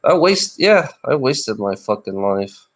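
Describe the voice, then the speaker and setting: A man's voice: medium pitch, sing-song, unhurried. Profane, tired middle-aged man ranting. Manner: profane, bitter ranting with rough laughs. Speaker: livestreamer. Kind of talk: ranting live stream monologue.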